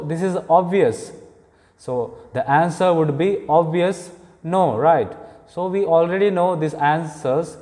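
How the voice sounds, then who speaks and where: A man teaching an English grammar lesson, explaining slowly and deliberately with frequent fillers. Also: fairly high pitch, darkish tone. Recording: long hall reverb.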